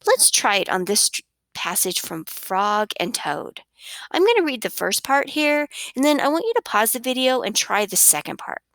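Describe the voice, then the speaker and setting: A woman teaching a recorded reading lesson for children, with an expressive, sing-song teacher's delivery on a close mic. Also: on the high side, normal speed, no echo.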